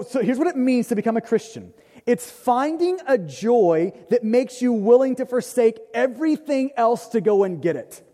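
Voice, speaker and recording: A man preaching a sermon as pastor, earnest, repeating key phrases and slowing down to quote scripture. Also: very high voice, warm tone, long reverb tail.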